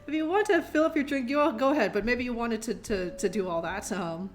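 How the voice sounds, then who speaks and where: A woman's voice: on the high side, a little fast, soft background music. A woman streamer chatting to her viewers and reading a children's book aloud, rambling and laughing often, with playful swearing, a little tipsy. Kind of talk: casual live-stream chat and reading aloud.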